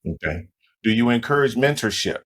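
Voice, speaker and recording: A man's voice: medium pitch, lively intonation, a little fast, a bit bright. A man hosting a podcast interview who asks questions and answers with short affirmations. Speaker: podcast host.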